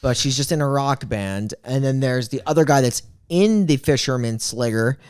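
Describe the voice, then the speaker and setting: A man's voice: mid-range voice, normal speed, a little mellow, clear, resonant tone. A man co-hosting a casual podcast, recapping a plot in a rambling way full of "like". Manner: rambling, many "like" fillers. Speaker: podcast co-host. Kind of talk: casual chat.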